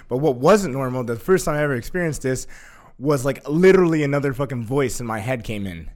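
A young man in casual chat, telling a story excitedly, swearing a lot and acting out what others said. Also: medium pitch, fairly quick. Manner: excitable, profane, acts out quotes with laughter.

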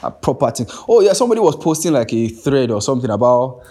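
A man's voice: mid-range voice, fast talker, breathy edge. Nigerian man in casual podcast talk. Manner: animated and profane, keeps asking "you get what I'm saying". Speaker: podcast host. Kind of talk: casual monologue.

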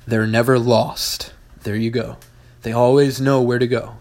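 A man in a casual podcast monologue, speaking bluntly and cursing freely. He hammers points home by repeating them. His voice sits in an ordinary middle pitch. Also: level tone, a little slow, darkish tone. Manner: blunt, profane, emphatic repetition. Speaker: podcast host, business owner.

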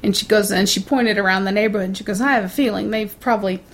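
A woman's voice: medium pitch, fairly even intonation, fast talker, fairly bright tone. A woman telling a casual story to a friend, blunt and swearing freely, acting out the voices of people she quotes.

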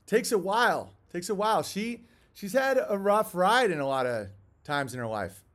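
A man's voice: high voice, animated, normal speed, a bit bright. A man hosting a casual monologue, rambling through tangents with chuckling asides. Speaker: host.

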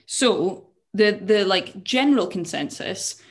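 A woman's voice: mid-range voice, lively intonation, takes it slowly. A young woman co-hosting a casual chat show, explaining a story in a jokey, swearing way with frequent laughs and restarted words. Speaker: podcast co-host.

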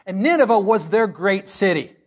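A man's voice: high voice, moderate pace, breathy edge. A male pastor preaching a sermon, telling stories in a folksy, emphatic way. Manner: animated storytelling, folksy and emphatic.

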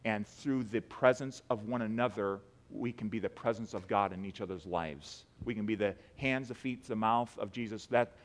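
A man preaching a sermon as pastor, swinging between hushed and loud emphatic delivery, with frequent restarts. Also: lowish voice. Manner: repeats words, many restarts.

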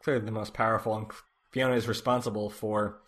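A man co-hosting a casual podcast, recapping a TV episode in a relaxed way, with lots of fillers. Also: fairly low pitch, fast. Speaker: podcast co-host.

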